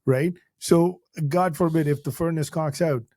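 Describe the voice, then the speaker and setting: A man's voice: a little high, fairly even intonation, measured pace, darkish tone, no echo, clean studio sound. A man from Canada, an insurance broker guest, talking bluntly and frankly in a casual podcast chat, with jokes mixed in.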